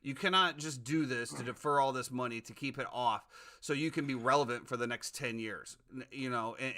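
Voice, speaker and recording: A man's voice: medium pitch, sharp tone. A man co-hosting a sports podcast in casual talk, emphatic and indignant, hammering his points home with repetition. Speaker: podcast co-host.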